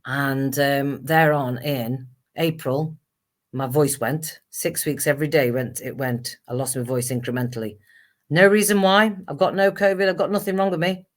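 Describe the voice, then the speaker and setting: A middle-aged woman, a guest actress and singer, talks candidly in a low-pitched voice at a moderate pace. She is animated and emphatic, acting out remembered exchanges as she speaks.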